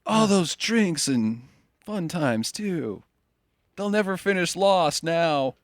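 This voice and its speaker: A man's voice: a little high, expressive, takes it slowly, dry recording, studio quality. A man co-hosting a podcast, recapping a film's plot with sarcastic asides in casual talk. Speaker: podcast co-host. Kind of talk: casual movie riffing.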